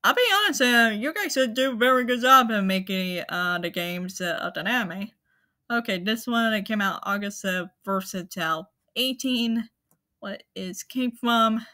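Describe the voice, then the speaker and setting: Slow, bright-voiced woman vlogger. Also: a little high. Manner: halting, apologetic, many fillers and restarts. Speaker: anime channel host. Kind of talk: casual spoken rundown to viewers.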